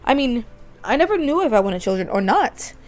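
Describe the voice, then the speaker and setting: A woman's voice: a little high, sing-song, a little fast, darkish tone, voice pushed up. A woman voicing a flustered, panicked young husband in a life-sim game, stammering as he talks.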